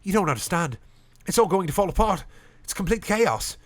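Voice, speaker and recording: A man's voice: sits high, lively intonation, fairly quick, dry recording, voice pushed up. A man voicing an earnest male time traveller with an Irish accent, urgent and pleading.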